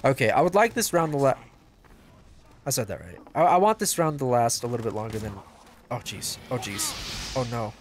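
A man giving casual, excitable gameplay commentary as a video host, swearing and joking to himself. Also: medium pitch, normal speed, pauses often, a little hiss or hum. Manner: excitable, yells and swears at the game; jokey self-talk.

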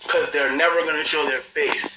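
A man's voice: a little high, fairly even intonation, brisk, noisy background. A young man with a New York accent, casually chatting and teasing commenters on a livestream. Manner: laid-back, slangy, mocking. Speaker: livestream host.

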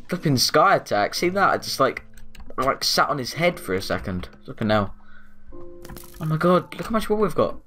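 A man giving chatty let's play commentary, rambling and excitable, with frequent exclamations. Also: mid-range voice. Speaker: gaming YouTuber.

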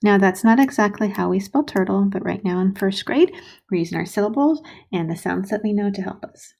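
A woman teaching first graders to write sentences, modeling slowly and sounding out syllables with patience. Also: mid-range voice, expressive, creaky, a little mellow. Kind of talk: recorded writing lesson for young children.

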